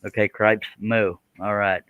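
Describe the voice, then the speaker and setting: Man, joking stream host, lowish voice, bright tone, dry close sound. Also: little pitch movement, unhurried, clear, resonant tone, dry recording, lo-fi sound. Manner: joking, chuckles, does silly animal noises. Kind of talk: casual chat reading out viewer comments.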